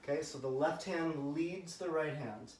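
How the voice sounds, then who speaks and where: A man's voice: fairly high pitch, a little slow, soft background music. A man teaching viola, coaching a student encouragingly and singing out phrases on "da" syllables. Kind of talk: music lesson coaching. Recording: roomy, mic at a distance, loud viola playing.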